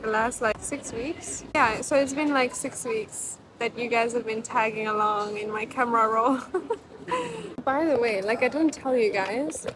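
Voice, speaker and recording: A woman's voice: on the high side, background noise. A young woman vlogging to her phone camera, chatty and emotional, with lots of fillers. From South Africa. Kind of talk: casual vlog chat to camera. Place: outdoors on a hot city street, then a restaurant.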